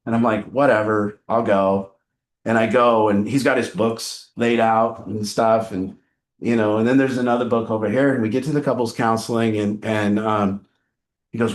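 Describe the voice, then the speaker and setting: A man's voice: on the low side, normal speed, roomy sound. A man coaching a support group in a candid, blunt way, telling stories and acting out what people say. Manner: blunt, profane, anecdotal, acts out quotes. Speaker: addiction recovery group coach.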